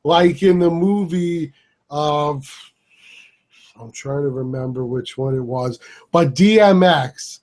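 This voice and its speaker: A man with a slightly higher voice joins a casual chat among collectors. He agrees readily and keeps chiming in. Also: slow pace, a little mellow.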